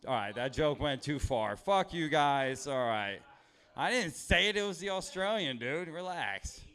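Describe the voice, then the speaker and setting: A man's voice: fairly high pitch, expressive, normal speed, bright, forceful tone. A man in his thirties from Los Angeles doing stand-up comedy on a club stage, rambling, swearing and poking fun at himself while working the crowd. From Los Angeles, USA. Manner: rambling, profane, self-deprecating.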